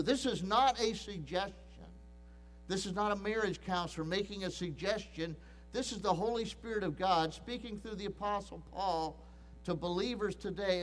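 A middle-aged man preaching a sermon, earnest and emphatic, often restarting phrases and repeating key points. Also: sits high. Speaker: pastor.

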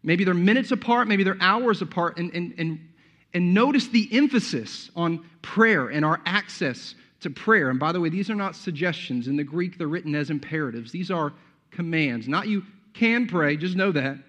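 A man's voice: a little high, moderate pace, a bit bright. Conversational male pastor, lo-fi sermon recording. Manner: conversational preaching with frequent restarts and rhetorical asides.

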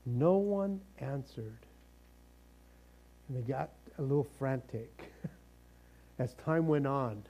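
A man's voice: mid-range voice, slow pace, long pauses, warm tone, rough recording. A man preaching a sermon, reading scripture and then explaining it in a casual, joking, conversational way with many asides. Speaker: pastor.

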